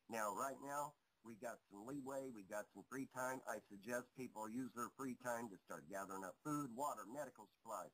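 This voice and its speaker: Man, hoarse, blunt, emphatic, swearing, repetitive, talk show guest. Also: mid-range voice, brisk, hardly any pauses, fairly bright tone, low-quality recording. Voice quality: coughing. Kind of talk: internet radio talk.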